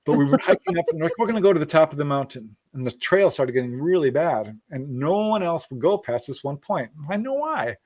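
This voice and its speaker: A man's voice: fairly high pitch, sing-song, brisk, few pauses, darkish tone. A middle-aged man telling a story as a podcast guest, acting out quoted voices and laughing often. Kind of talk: casual storytelling interview.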